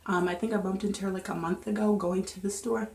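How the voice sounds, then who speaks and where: A young woman vlogger chatting through a storytime in an animated, lively way. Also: mid-range voice, fast, creaky. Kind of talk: storytime vlog. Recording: echoey room.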